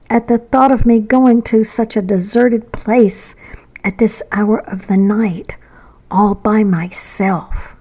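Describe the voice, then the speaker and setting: A woman narrating her own true story in a measured, suspenseful way. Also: mid-range voice, dark tone, poor audio. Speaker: author and narrator.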